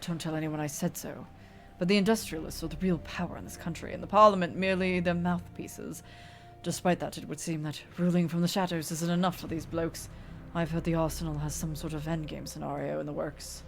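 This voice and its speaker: A woman's voice: low-pitched, fairly even intonation, brisk, faint music behind. A woman reading the lines of a chatty male informant who passes on gossip in a confiding tone.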